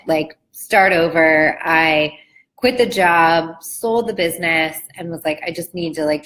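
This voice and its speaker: A chatty woman in her thirties tells her own story casually, with "like" scattered through her talk. Her voice sits on the low side for a woman. She talks the way a business coach would, plain and friendly. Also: fairly bright tone, low-quality recording. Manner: chatty, uses "like" often.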